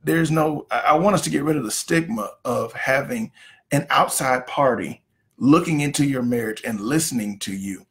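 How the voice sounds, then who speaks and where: A man in his thirties, a pastor, talking earnestly and haltingly about his marriage on a livestream. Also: medium pitch, fairly bright tone. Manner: earnest, halting, with many restarts. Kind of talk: candid couple talk on a livestream.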